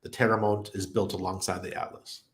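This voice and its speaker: A man's voice: sits low, level tone, fairly quick, a bit bright. A middle-aged man hosting a casual crypto livestream, reading viewer comments and rambling through anecdotes with frequent laughs. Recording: roomy echo.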